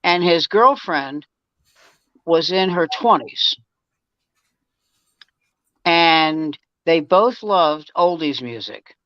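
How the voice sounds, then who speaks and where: A man's voice: on the high side, expressive, very slow, pauses often, no echo. Comedian guy rambling through old stories, restarts a lot, dull dry recording. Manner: rambling anecdotes with frequent restarts. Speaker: guest comedian. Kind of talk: casual storytelling chat.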